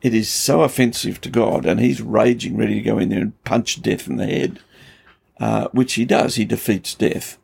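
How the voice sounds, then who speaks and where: A man's voice: on the low side, steady tone, normal speed, vocal fry, darkish tone, breathy edge. A man, a pastor, explaining scripture in an earnest, emphatic conversational way. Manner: earnest, emphatic storytelling with rising intensity. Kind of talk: conversational Bible teaching.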